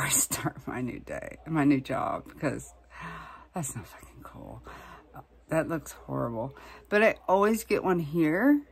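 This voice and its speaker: Low, husky woman ranting bluntly. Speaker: vlogger. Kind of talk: casual chat.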